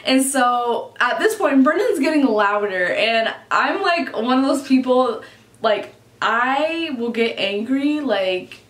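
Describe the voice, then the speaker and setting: A woman's voice: high-pitched, animated, slow, fairly bright tone. A young woman in her twenties telling a story casually, swearing often and saying "like" constantly, for her vlog. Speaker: vlogger. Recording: echoey room.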